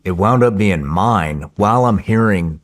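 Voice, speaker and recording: A man telling a story in a podcast interview in a casual, profane, excitable way, often restarting his sentences. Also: lowish voice, unhurried.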